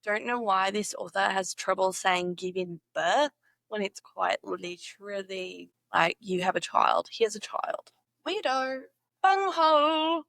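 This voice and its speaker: A woman's voice: medium pitch, measured pace, vocal fry, fairly bright tone, no echo. A young woman vlogger reads slang entries aloud, repeating words playfully and giggling as she tries them out. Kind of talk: reading slang aloud and trying an accent.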